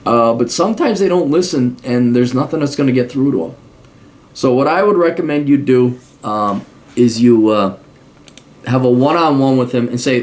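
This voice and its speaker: A man's voice: mid-range voice, expressive, moderate pace, a little mellow. A middle-aged man hosting an advice podcast, talking bluntly and sarcastically and acting out mock quotes. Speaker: podcast host giving advice. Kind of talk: casual advice monologue.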